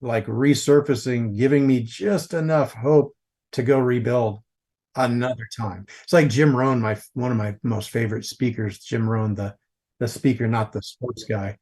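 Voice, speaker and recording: A man's voice: mid-range voice, moderate pace. A man in his forties, a podcast guest, telling his story casually and animatedly, with lots of "dude" and "like". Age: 40s. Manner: animated, says dude and like a lot.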